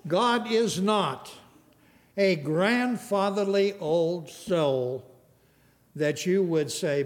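An older man preaching a sermon, animated, rising loud and then dropping to a soft hush. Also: sits high, very slow, long reverb tail. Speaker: pastor.

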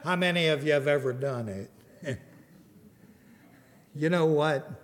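An older man preaching a sermon, animated, rising loud and then dropping to a soft hush. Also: a little high, a little slow, big-room sound. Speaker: pastor.

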